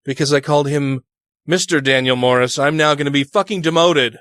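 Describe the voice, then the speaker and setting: Stuffed-up guy cohosting a podcast, kinda high voice, dry close mic, swears a lot. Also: fairly even intonation, normal speed, a bit bright, clear, resonant tone, no room sound. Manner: loose, profane, laughing. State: congested. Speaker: podcast co-host. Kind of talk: casual podcast chat. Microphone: studio microphone.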